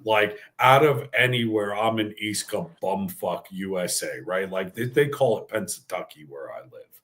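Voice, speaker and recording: A man in his forties hosting a casual livestream chat, telling stories in a profane, animated way. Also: on the low side, moderate pace, a little hiss or hum. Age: 40s. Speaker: podcast host.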